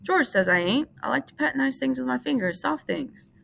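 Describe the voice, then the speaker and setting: A woman's voice: high voice, lively intonation, moderate pace, vocal fry, fairly bright tone, a little hiss or hum, pitched above the performer's own voice, exaggerated voice. Woman doing Lennie, a childlike ranch hand. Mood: eager. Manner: earnest pleading, childlike. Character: big simple-minded ranch hand man, childlike, fearful.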